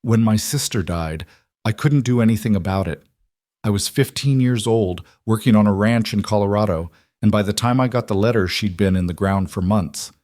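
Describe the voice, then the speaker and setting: A man voicing a gentle, earnest cowboy rancher whose quiet voice is rough with old grief. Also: on the low side, moderate pace, no room sound, clean studio sound, lightly acted. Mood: grieving. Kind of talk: audiobook character reading.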